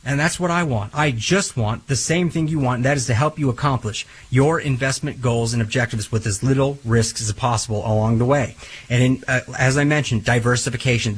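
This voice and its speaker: Husky-voiced emphatic radio host. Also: male voice, mid-range voice, poor audio. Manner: emphatic and repetitive, rambling with fillers. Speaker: radio show host and financial advisor. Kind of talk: radio talk show pitch.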